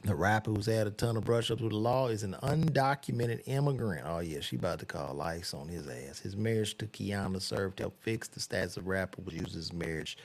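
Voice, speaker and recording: A man's voice: low voice, gravelly. A man casually reading celebrity news aloud and reacting with loose, profane commentary while he browses.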